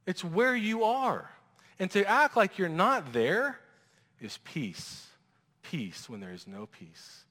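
A man preaching a sermon as a pastor, animated and acting out quoted voices. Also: high-pitched. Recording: long reverb of a large hall.

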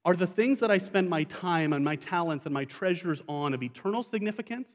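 Pastor, male, slightly higher voice, conversational sermon that puts questions to the listeners, long reverb of a church hall. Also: animated, brisk. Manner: conversational preaching, asks the congregation questions.

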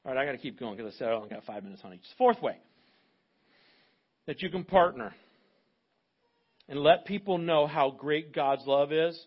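A man preaching a sermon as pastor, animated and acting out little dialogues in different voices. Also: on the high side, normal speed, long pauses, slightly rough, dull audio.

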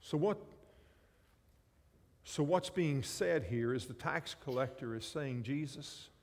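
A pastor preaching a sermon with an emphatic, repetitive cadence. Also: male voice, mid-range voice, animated, takes it slowly, big-room sound.

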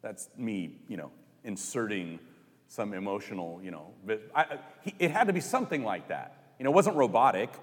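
A male pastor preaching a sermon in a conversational, animated way, acting out the lines he quotes. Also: mid-range voice, brisk, big-room sound.

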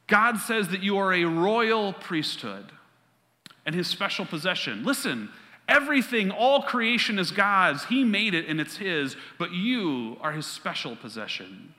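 Bright-voiced male pastor preaching in a hall. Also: high-pitched, very animated. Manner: emphatic preaching, repeats key lines, quick asides. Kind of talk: sermon. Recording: long reverb of a large hall.

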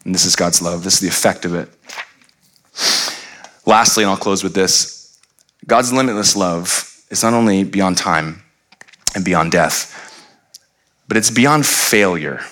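A man's voice: fairly low pitch, measured pace, long pauses, a bit bright. A middle-aged man preaching a sermon as pastor, conversational and playful, acting out little quoted voices.

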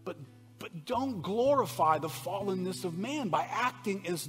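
Bright-voiced preacher in a reverberant hall. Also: male voice, high-pitched, lively intonation, moderate pace. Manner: builds from conversational to loud impassioned preaching; addresses the congregation directly with questions. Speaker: pastor. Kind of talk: sermon. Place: church sanctuary. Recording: preached in a reverberant hall, soft guitar behind.

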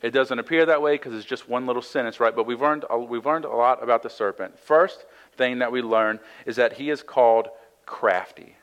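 A man's voice: mid-range voice, fairly quick, fairly bright tone, dull audio. A man preaching and teaching through a Bible passage in a conversational sermon, reading verses aloud and explaining them with frequent "right?" asides. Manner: reads scripture aloud then explains it. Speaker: pastor.

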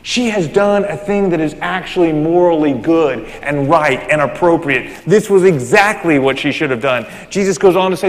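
Male pastor, animated sermon delivery, slightly high voice, long church reverb. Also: normal speed, few pauses. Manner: animated, emphatic preaching with restarts. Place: church sanctuary. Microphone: handheld or stand microphone.

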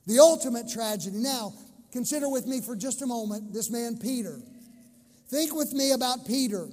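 A male pastor preaches with passion, leaning hard on key words and drawing phrases out slowly. His voice sits unusually high for a man. A long reverb rings after his lines, as in a big church sanctuary. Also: dark tone. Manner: impassioned preaching with slow emphatic phrases. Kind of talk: sermon.

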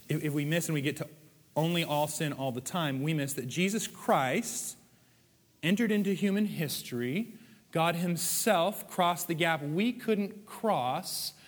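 A man's voice: mid-range voice, big-room sound. A man preaching a sermon in a conversational way, with playful acted asides. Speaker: pastor.

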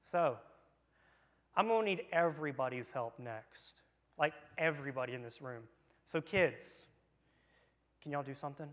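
A man's voice: fairly high pitch, expressive, moderate pace, long pauses, a bit bright. Playful man leading a kids' Bible lesson. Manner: playful, joking, casual. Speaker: children's church leader. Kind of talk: interactive Bible lesson for kids. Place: church room with children present.

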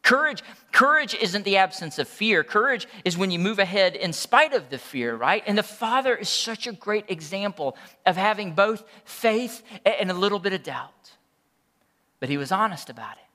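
A man's voice: sits high, big pitch swings, moderate pace, pushed and bright, in a large hall. A man preaching a sermon as pastor, impassioned, often restarting his words.

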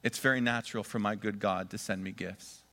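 A male pastor preaching a sermon, swinging between loud emphatic stresses and quiet asides, leading the congregation in call-and-response repetition. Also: on the low side, steady tone, brisk.

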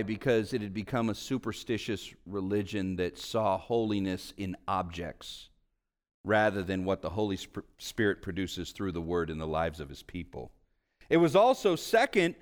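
A man, a pastor, preaching a sermon with animated swings in pitch and volume, telling stories along the way.

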